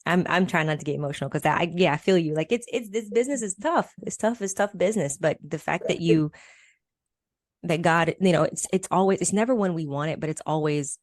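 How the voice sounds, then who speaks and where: A woman's voice: fairly low pitch, fairly quick, no echo, studio quality. A woman hosting a podcast interview who listens and reacts with feeling to her guest's story. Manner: warm listener, moved, short affirmations. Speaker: podcast host.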